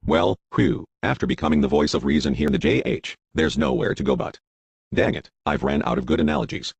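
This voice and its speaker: A man's voice: very deep voice, moderate pace, vocal fry, darkish tone, a little hiss or hum, exaggerated voice. A man playing a pompous male philosophy show host in an amateur comedy sketch, monologuing in a grand, wordy way. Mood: boastful.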